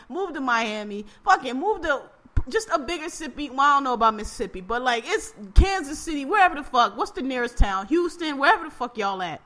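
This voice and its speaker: A woman hosting a casual chat, ranting with profanity and quick animated emphasis. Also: high voice.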